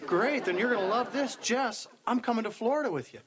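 A man playing an eager, excited friend in a sitcom. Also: very high voice, fairly quick, crowd noise. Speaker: radio host friend in a sitcom. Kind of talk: sitcom acting.

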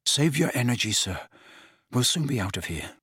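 A man's voice: mid-range voice, sing-song, normal speed, a bit bright, slightly rough, no echo, studio quality, heavily acted. Man doing a panting, anxious teenage boy. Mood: urgent. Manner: panting, urgent, pleading. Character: anxious teenage boy wizard, loyal and brave. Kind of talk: audiobook character reading.

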